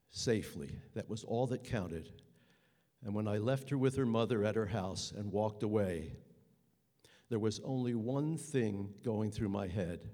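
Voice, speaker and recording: A man's voice: on the low side, dark tone, long reverb tail. Earnest man telling a story live. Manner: earnest, halting pauses, building tension. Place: theater stage.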